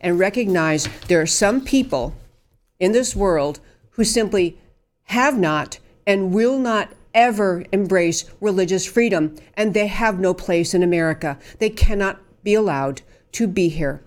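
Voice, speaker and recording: A woman's voice: mid-range voice, expressive, unhurried. A woman hosting a political talk show, giving an emphatic commentary monologue with frequent fillers and restarts.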